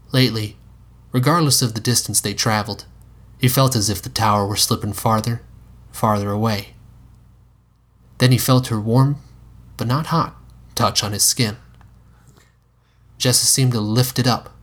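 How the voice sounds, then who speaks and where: A man reading his own story aloud in a slow, folksy Western drawl, matter-of-fact about magic. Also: lowish voice, fairly bright tone. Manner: drawling cowboy voice.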